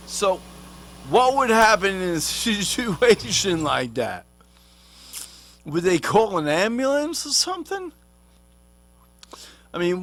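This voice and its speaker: This vlogger has a high-pitched, fairly bright voice with no echo. He delivers a rambling, profane comic rant packed with street slang and swearing, occasionally referring to himself in the third person.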